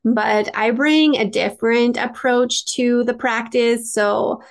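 A woman's voice: a little high, fairly even intonation, slow. A woman podcast host and branding coach answering interview questions in a chatty way, with lots of "like" fillers. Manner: chatty, frequent "like" fillers, light laughs.

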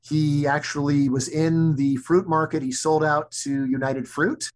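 Middle-aged guy, economist guest on a podcast, lively storyteller, trips over his words a lot. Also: on the high side, a little slow. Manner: animated storyteller, many restarts and fillers. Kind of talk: casual interview talk.

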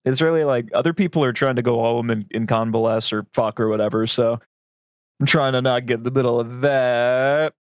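A man's voice: medium pitch, fairly quick, no room sound. A man playing a tabletop game, thinking aloud in a casual way with fillers. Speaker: player.

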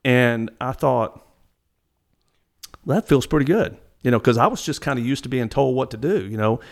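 A man's voice: mid-range voice, animated, normal speed, creaky. A middle-aged man from Mississippi, telling stories as a guest, rambling with frequent restarts. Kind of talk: casual storytelling.

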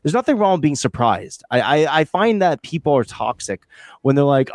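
A man's voice: fairly high pitch, big pitch swings, brisk, a little mellow, no room sound, clean studio sound. A man co-hosting a casual podcast about a TV show, who swears often and acts out quotes with energy. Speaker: podcast co-host.

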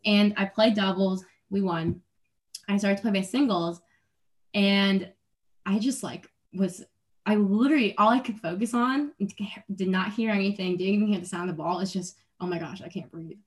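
A woman's voice: mid-range voice, moderate pace. A young adult woman, an athlete guest in a casual interview, talking earnestly and rambling, with restarts and little laughs.

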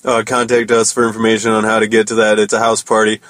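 A man's voice: fairly low pitch, monotone, fast talker, fairly bright tone, dry recording, rough recording. Casual rambling podcast guy. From United States. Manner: loose, rambling, swears casually. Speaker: podcast host and metal musician. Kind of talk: casual storytelling monologue.

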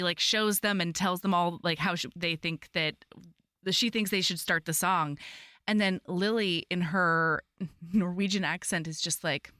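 A woman's voice: mid-range voice, bright, forceful tone, no room sound, studio quality. A woman co-hosting a podcast, chatting casually about a romance novel, acting out the characters and laughing often. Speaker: podcast co-host. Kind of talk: casual book chat.

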